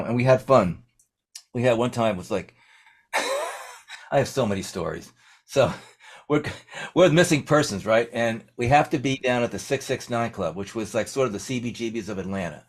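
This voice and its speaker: A man's voice: lowish voice, darkish tone. Rambling man in his sixties telling stories. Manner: rambling, full of "you know" and "like", acts out quotes. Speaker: guest musician. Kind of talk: casual storytelling in an interview.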